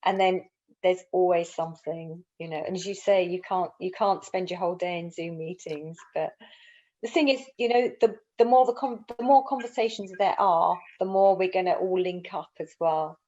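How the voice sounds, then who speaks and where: Woman co-organiser, warm and encouraging, muffled video-call sound. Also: on the low side, moderate pace. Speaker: co-organiser and guest speaker. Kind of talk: casual video-call chat. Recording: dull lo-fi video-call audio.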